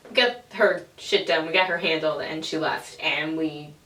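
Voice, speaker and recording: Young woman, early 20s, animated storyteller who swears freely, recorded on a camera mic from a distance in a roomy space. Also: low voice, normal speed. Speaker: vlogger. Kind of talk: casual storytelling. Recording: roomy, from a distance, faint noise.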